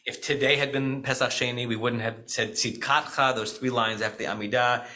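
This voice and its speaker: A man's voice: mid-range voice, fairly even intonation, a little fast, bright, forceful tone, low-quality recording. A middle-aged man, an American rabbi, giving a conversational Shabbat teaching with frequent "right?" asides and self-corrections.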